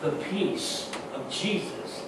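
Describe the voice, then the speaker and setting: A man preaching a sermon earnestly, swinging from loud emphatic peaks to soft reflective asides with frequent restarts, recorded from a distant mic in an echoey church with background noise. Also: fairly high pitch, animated, takes it slowly. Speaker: pastor. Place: church sanctuary.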